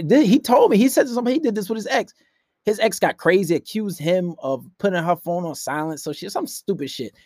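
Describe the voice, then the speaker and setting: Speaking in a high-pitched voice, a young man hosts a podcast from his room at night, delivering a rambling, casual dating-advice rant full of blunt profanity. The recording is made on a laptop and sounds dry and clean, like a studio.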